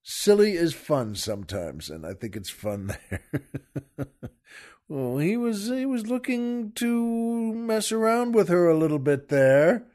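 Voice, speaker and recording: Older guy host, rambly folksy joke teller, slightly higher voice. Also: a little mellow. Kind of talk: casual joke telling.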